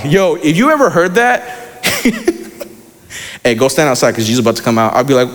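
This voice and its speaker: Young guy preaching, slangy and chatty, kinda high voice, long echo in the room. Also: big pitch swings, normal speed, pauses often. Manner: casual slangy preaching, reads scripture aloud. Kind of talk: sermon.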